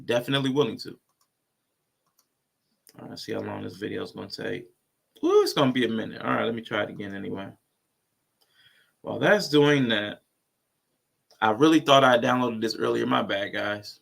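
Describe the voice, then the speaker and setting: A man's voice: on the low side, animated, moderate pace, gravelly, pauses often, a bit bright. A man hosting casual reaction commentary, blunt and conversational. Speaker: host.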